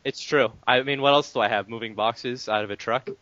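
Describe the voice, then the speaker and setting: A man's voice: mid-range voice, fairly quick, pushed and bright, no echo. Man, podcast co-host, playful, casual chat, dull lo-fi audio. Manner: joking, playful.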